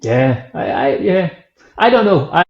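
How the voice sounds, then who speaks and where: A man's voice: on the high side, sing-song, a little slow, creaky. A man from Scotland with an Edinburgh accent, a guest chatting casually in an interview and telling stories with frequent laughs. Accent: Edinburgh Scottish. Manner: chatty storyteller, laughs often. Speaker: guest, whisky author. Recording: echoey room, dull lo-fi sound.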